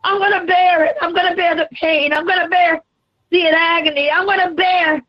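A woman's voice: very high voice, steady tone, normal speed. Woman preacher voicing anguished Jesus on the cross. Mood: pleading. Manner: pleading, anguished, crying out. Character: suffering Jesus, a man carrying the cross. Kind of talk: dramatic sermon portrayal. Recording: slightly dull lo-fi recording.

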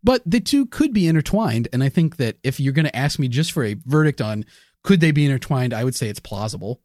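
A man's voice: medium pitch, animated, quick pace, a little mellow, no echo. Dry, hedging male podcast co-host. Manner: hedging, self-correcting, laughs often. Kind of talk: casual conspiracy podcast chat.

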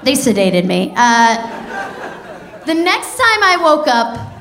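A woman in her thirties telling a wild personal story on stage, lively and laughing as she goes. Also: fairly high pitch, takes it slowly, some chatter behind, a little hiss or hum. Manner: lively, animated, breaks into laughter. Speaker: comedic storyteller. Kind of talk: stand-up storytelling.

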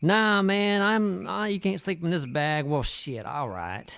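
A man's voice: sits high, unhurried, creaky, fairly bright tone, a little hiss or hum, full character voice. A man voicing a brash, mocking male elf in a cartoon web series.

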